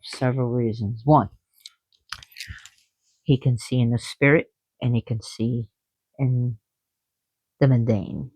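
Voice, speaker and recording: Slow-talking excitable woman teacher. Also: a bass voice, no room sound. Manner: excitable, giggly, jumping between soft whispers and loud bursts. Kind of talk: casual explanatory talk.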